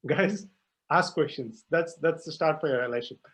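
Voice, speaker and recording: A man's voice: on the high side, unhurried, fairly bright tone. A young man speaking on a panel, passionate and emphatic, with many fillers and restarts. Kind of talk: panel discussion.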